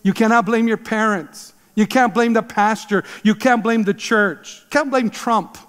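A man in his sixties, a pastor, preaching an emphatic, animated sermon. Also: high-pitched, unhurried, in a large hall. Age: 60s. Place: church sanctuary.

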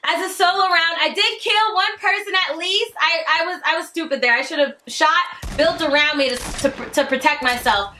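A young woman giving excited, chatty commentary while playing a shooter game, dropping to hushed mutters and bursting into shouts. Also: very high voice, normal speed, hardly any pauses, slight background noise. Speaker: gaming channel host.

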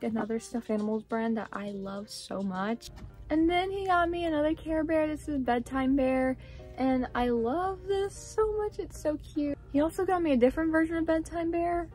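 A young woman vlogger showing off her haul in a casual, gushing way, full of "like" and "oh my gosh". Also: high-pitched. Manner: gushing, excitable, lots of "like" and "oh my gosh".

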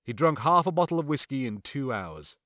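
A man reading a comic sci-fi novel aloud and chatting between chapters in an animated way. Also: medium pitch, a little fast, no room sound, clean studio sound. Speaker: audiobook reader.

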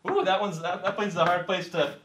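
A man's voice: high voice, steady tone, fairly quick, distant mic, very noisy. A man teaching a dance step while demonstrating it, out of breath, encouraging and laughing often as he counts the beats. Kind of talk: casual tutorial while demonstrating steps.

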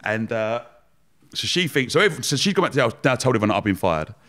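A young man telling a story in a casual interview, animated and swearing, acting out the people he quotes. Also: medium pitch, quick pace. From Romford, England. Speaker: guest entrepreneur.

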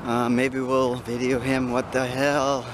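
Slow and flat in delivery, the mid-range voice belongs to an older man doing casual vlog narration. He walks a city outdoors with a handheld camera, rambling chattily and wandering off on tangents, and the camera picks up plenty of noise.

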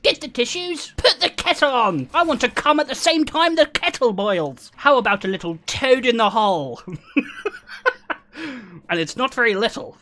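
A man putting on an exaggerated posh British accent as a prim, giddy gentleman in bed, as a comic impression on a livestream. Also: very high voice, animated, normal speed, pitched above the performer's own voice, exaggerated voice.

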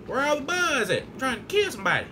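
A young man in a gaming video, talking over his own match with a voice that leaps wildly between low mutters and high yelps. He shouts trash talk at opponents and cracks himself up, with the game's sounds heard clearly behind him. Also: huge pitch swings, fast talker, noisy background. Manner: laughing, joking to himself. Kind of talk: live gameplay commentary. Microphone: desk mic with face cam. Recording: game sounds loud behind the voice.

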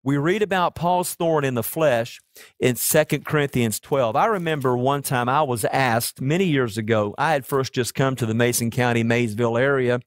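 A male pastor preaches in a steady middle-pitched voice, recorded close and dry with almost no room sound. He tells stories earnestly and slows down to stress key words. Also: dry recording. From Oklahoma. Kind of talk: sermon.

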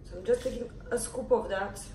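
A woman's voice: fairly high pitch, fairly quick, heavy background noise. A young woman talking casually to camera about her morning routine, candid and a bit grumpy. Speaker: vlogger. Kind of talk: casual vlog monologue. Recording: echoey room, camera at a distance.

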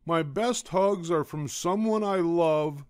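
A man's voice: on the high side, slow pace, smooth, dry recording, studio quality, voice pushed up. An older man voicing a young bear cub who is lonely and keen for a hug, in a raised, pleading storybook voice.

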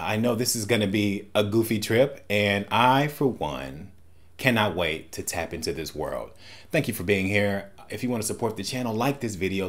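Wisecracking man hosting movie reactions. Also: fairly low pitch. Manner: jokey, wisecracking asides. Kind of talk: casual reaction commentary.

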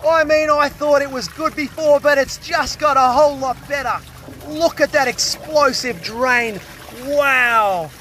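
Aussie plumber guy, hungover, hyped and joking while he jets a drain, highish voice, bit of noise behind. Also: a little slow. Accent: Australian. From Australia. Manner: excitable, jokey, heavy slang. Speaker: plumber vlogger. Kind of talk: casual on-the-job vlog commentary.

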